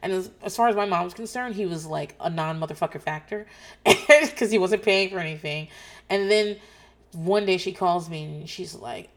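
A woman's voice: fairly low pitch, moderate pace. Rambling, swearing woman podcast host. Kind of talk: casual chat.

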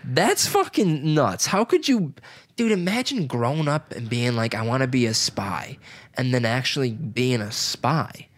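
A man's voice: mid-range voice, lively intonation, measured pace. A man in his twenties chatting casually, rambling with lots of filler words and swearing. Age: 20s. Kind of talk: casual chat.

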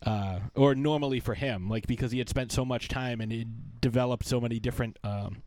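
A man's voice: medium pitch, a little fast, darkish tone, no echo. A man co-hosting a podcast in casual chat, rambling and searching for his words. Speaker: podcast co-host.

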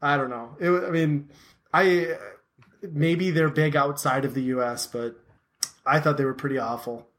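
A man's voice: on the high side, normal speed, a bit bright. A man in his thirties hosting a casual podcast chat, rambling and self-deprecating with plenty of filler words. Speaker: podcast host.

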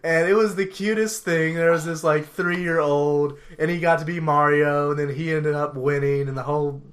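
A man's voice: on the high side, flat delivery, moderate pace. A young man co-hosting a casual podcast chat, rambling, laughing often and trailing off mid-sentence. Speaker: podcast co-host.

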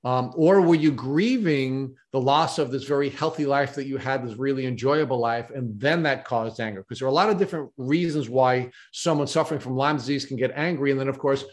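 A man hosting an interview, asking long questions that wander and circle back. He stumbles and restarts often, repeating words as he finds his way. His voice sits at a middle pitch. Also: a little fast, hardly any pauses. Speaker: interview host.

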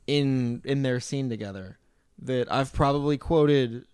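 A man's voice: medium pitch, a little slow, darkish tone, clean tone, no echo, clean studio sound. A man co-hosting a casual movie podcast, eagerly retelling scenes and acting out the quotes. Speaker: podcast co-host.

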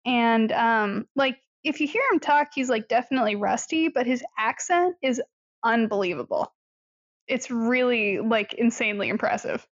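High-voiced giggly woman chatting. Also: normal speed, no echo, dull audio. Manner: giggly, with lots of fillers and playful put-on voices. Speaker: podcast co-host. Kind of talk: casual chat.

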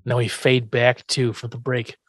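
A man's voice: mid-range voice, flat delivery, normal speed, a bit bright, slightly rough, dry recording, studio quality. A man co-hosting a podcast, recapping an old sitcom episode in casual, profane chat and acting out the characters' lines. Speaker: podcast co-host.

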